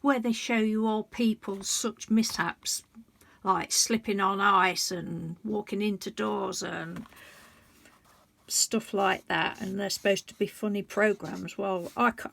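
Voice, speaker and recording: A colouring book vlogger in her sixties chats heartfeltly with her audience, confiding and rambling, often breaking off mid-sentence to begin again. Her voice is mid-range and creaky, with a fairly bright tone.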